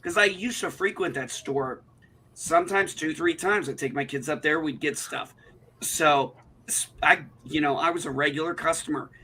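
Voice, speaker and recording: A man's voice: fairly high pitch, moderate pace, pushed and bright, a little hiss or hum. A man, telling an indignant, profane story in casual chat on a livestream. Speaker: livestream co-host.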